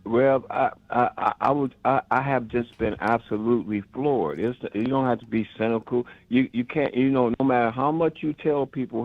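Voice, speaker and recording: A man's voice: mid-range voice, normal speed, few pauses, no echo. An older man from the Chicago area calling in to a radio show, emotional and rambling, stammering and repeating himself. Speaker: caller. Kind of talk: impassioned call-in rant. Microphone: phone. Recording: dull phone line.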